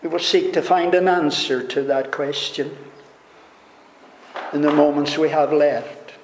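A man preaching a sermon in a slow, deliberate way, his delivery rising into emphatic swells. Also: a little high, fairly even intonation. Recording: echoey hall reverb, faint room noise.

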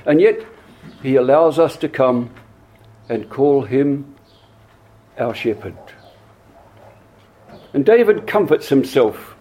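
Man, preacher, sermon, measured slow delivery, somewhat high voice, repeats words. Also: a little mellow.

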